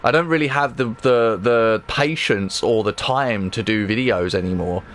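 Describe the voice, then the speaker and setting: A man streaming himself playing a game, chatting casually to viewers with rambling, excitable talk and frequent swearing. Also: on the low side, moderate pace, a little hiss or hum. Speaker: livestreamer. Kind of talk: casual gameplay livestream chat.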